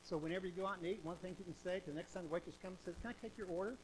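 Preaching rapid-fire in a high voice, a man delivers an old-fashioned revival sermon with emphatic repetition. He shifts between loud exhortation and hushed intensity, and a little hiss or hum is audible.

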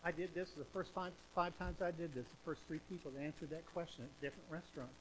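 A fairly high-pitched man with a steady tone preaches evangelistically in old revival fashion, talking fast. He repeats himself for emphasis and swings from loud exhortation to hushed intensity. A little hiss or hum runs through the audio.

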